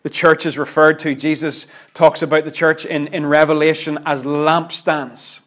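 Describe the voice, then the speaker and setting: A preacher delivers his sermon with earnest emphasis. His voice sits a little high for a man. He often drops his volume to a near-whisper to press a point home. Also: level tone, moderate pace, fairly bright tone.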